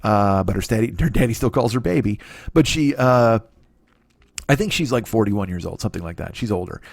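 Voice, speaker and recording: A comedy podcast host in his forties races through a crude, rambling solo monologue, often interrupting himself and slipping into brief silly voices. His voice sits on the low side with lively intonation and vocal fry, and the sound is dry and close with no echo.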